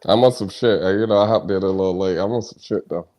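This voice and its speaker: A man hosting a podcast interview, asking questions in a relaxed, conversational way. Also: sits low, fast talker. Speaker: podcast host.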